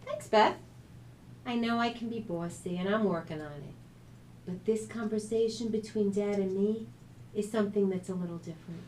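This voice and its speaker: A woman voicing a calm, earnest teenage girl who reasons things out patiently. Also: mid-range voice, moderate pace, echoey room, slight background noise, close to an everyday voice, low-quality recording.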